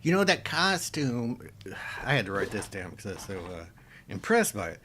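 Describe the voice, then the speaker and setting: A man's voice: on the low side, big pitch swings, normal speed, sharp tone, a little hiss or hum. A man from the Missouri Ozarks co-hosting a podcast, chatting casually with wry jokes. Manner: wry joking interjections. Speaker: podcast co-host. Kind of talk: casual chat.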